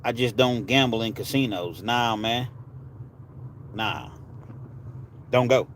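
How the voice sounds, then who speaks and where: A man hosting a live stream takes it slowly, chatting casually with viewers and telling laid-back stories in street slang. His mid-range voice has a fairly bright tone, with a little hiss or hum in the background.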